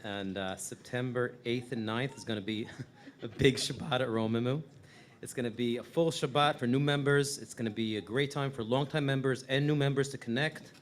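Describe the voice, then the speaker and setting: A man's voice: medium pitch, moderate pace. A man reading congregation announcements in a casual way, with fillers.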